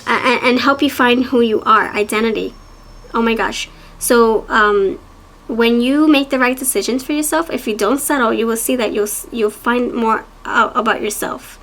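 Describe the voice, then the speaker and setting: A woman with a somewhat high voice reads tarot cards for her viewers in a loose, chatty way. She is enthusiastic and encouraging, often restarting her sentences as she talks. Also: normal speed, a bit bright. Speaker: tarot reader. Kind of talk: casual tarot reading to camera.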